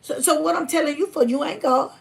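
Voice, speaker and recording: A woman hosting a livestream, talking bluntly and fiery, reading viewer comments and swinging from loud to hushed. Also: high-pitched, quick pace, vocal fry. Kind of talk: casual preachy livestream talk.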